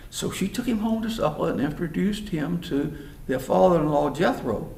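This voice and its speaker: A man telling a story in a folksy, animated way. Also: on the high side, moderate pace, creaky. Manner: animated, folksy, acts out voices. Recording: roomy hall, mic far off.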